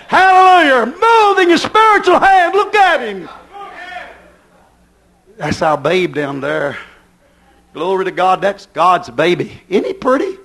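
A middle-aged man preaching a fervent sermon, swinging from quick asides to slow, shouted declarations. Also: high voice.

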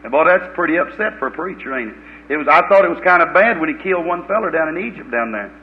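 A man preaching a fiery, folksy revival sermon, swinging from loud preaching to low muttered asides. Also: lively intonation, fast. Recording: dull lo-fi old recording.

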